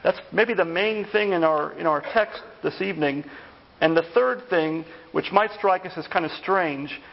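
A man preaching an evening sermon in a church, conversational in tone and animated when he retells stories. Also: on the high side, normal speed, gravelly, muffled recording. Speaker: pastor.

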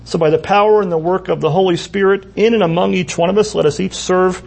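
A man preaching a sermon as pastor, earnest, with pauses and repeated phrases. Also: sits high, steady tone, vocal fry, darkish tone.

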